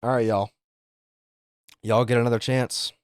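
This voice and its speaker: A young man streaming live, chatting casually with viewers and reacting to things with loud, incredulous, profane outbursts. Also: mid-range voice, level tone, a little slow, smooth, dry recording, clean studio sound. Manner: incredulous, swearing, exaggerated reactions.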